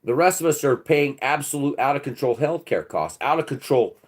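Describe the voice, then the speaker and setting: A man's voice: mid-range voice, animated, brisk. A man hosting his own channel, ranting and mocking a commenter in a scornful, profane way. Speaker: channel host.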